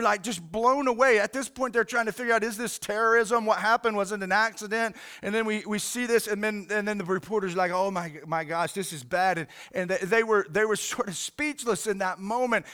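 Earnest high-voiced pastor preaching. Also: male voice, sharp tone, clean tone. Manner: earnest, halting, repeats words, says "man" often. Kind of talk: sermon.

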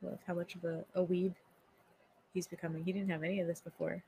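A woman's voice: on the low side, flat delivery, fast talker, dark tone, a little hiss or hum. A woman co-hosting a podcast, playful and teasing in casual chat. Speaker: podcast co-host.

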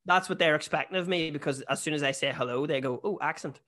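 A man's voice: a little high, fast, sharp tone. A man with a Newry, Northern Irish accent, a stand-up comedian chatting casually as a podcast guest, self-deprecating and full of restarts. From Northern Ireland.

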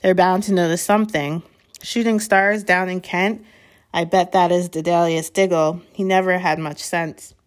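A woman's voice: fairly low pitch, steady tone, moderate pace, natural voice. Stern, irritable woman professor, as a reader puts her on. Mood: impatient. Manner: clipped, impatient. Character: stern, irritable middle-aged female professor.

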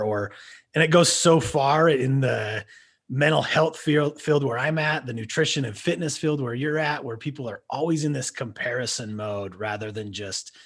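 A man's voice: medium pitch, breathy edge. A man hosting an interview, asking questions and affirming his guest with rambling restarts. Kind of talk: casual interview chat.

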